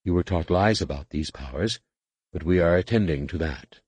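A man's voice: sits low, normal speed, darkish tone, husky, no echo. A man reading the part of a stern, commanding alien female master scientist in an audiobook, with brusque, clipped orders.

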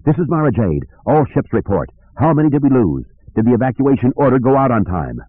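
A man's voice: sits low, lively intonation, fairly quick, slightly rough, no room sound. A man voicing a grim, hard-edged woman commander who speaks in clipped orders. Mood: commanding. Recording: dry tinny phone-like audio.

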